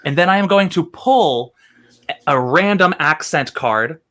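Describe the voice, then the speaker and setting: A man from Philadelphia co-hosts a casual online chat, his voice bright and forward. He talks in long, rambling stretches with plenty of laughs as he explains the rules of a game. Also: on the high side, animated, a little slow. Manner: chatty and rambling, laughs often. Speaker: co-host.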